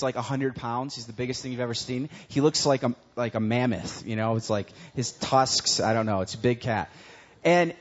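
A man preaching a sermon in a casual, conversational way, telling stories with lively animation. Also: mid-range voice. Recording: dull lo-fi recording.

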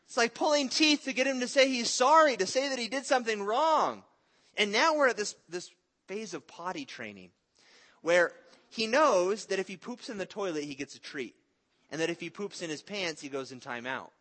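A man's voice: sits high, bright, forceful tone. A man in his thirties preaching a sermon in an earnest, conversational way, mixing in stories about his family. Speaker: pastor.

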